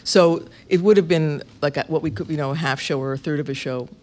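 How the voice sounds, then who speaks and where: Animated man telling anecdotes. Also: on the high side, fast. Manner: lively storyteller, laughs often, restarts phrases. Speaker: radio interviewer being interviewed. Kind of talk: conversational anecdote.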